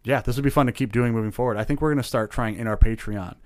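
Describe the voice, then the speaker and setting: Fast-talking rambling podcast man. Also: medium pitch, no echo. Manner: rambling, lots of "like" and restarts, laughs easily. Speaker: podcast co-host. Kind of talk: casual chat.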